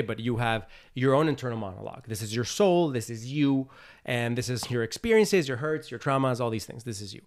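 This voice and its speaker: Guy guest on a podcast, earnest, animated, does little voices, medium pitch. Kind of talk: casual podcast interview.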